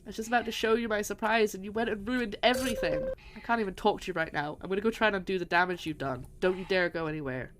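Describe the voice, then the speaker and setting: An actress voicing a hurt and angry female ship AI in a video game, sharp and accusing, over game music. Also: mid-range voice, fast talker, few pauses, background noise, natural voice. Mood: hurt anger.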